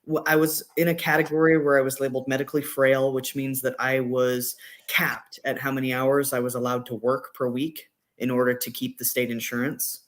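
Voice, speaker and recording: A man from Indiana talking as a guest on a casual livestream, halting and full of fillers. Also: mid-range voice, flat delivery. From Indiana, USA. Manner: halting, lots of fillers and hedges. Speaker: guest on stream.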